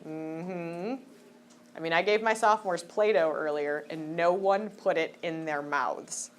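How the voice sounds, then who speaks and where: A woman lectures her high school class at normal speed, joking and teasing as she throws questions at the students.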